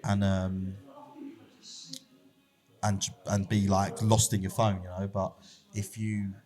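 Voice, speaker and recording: A young man with a lowish voice, guesting on a casual podcast. He talks openly and with warmth, telling personal stories in a heartfelt, candid way. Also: little pitch movement, slow pace. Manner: open, candid, heartfelt storytelling. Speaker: barber shop founder, guest.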